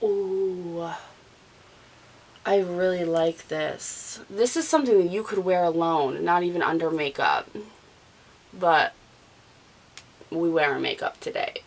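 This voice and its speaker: In a rough recording, a woman in her thirties speaks slowly with frequent pauses, her fairly low voice stuffy and nasal from allergies. She's a beauty vlogger casually chatting and rambling while applying her makeup and walking through her routine.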